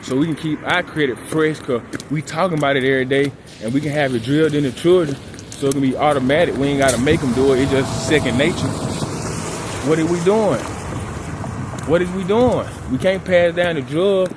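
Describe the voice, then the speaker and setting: A man's voice: fairly high pitch, moderate pace. Laid-back man vlogging outside. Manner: calm, laid-back, slangy. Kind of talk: casual motivational talk while walking. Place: outdoors at night, walking laps. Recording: outdoor street noise. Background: traffic and outdoor ambience.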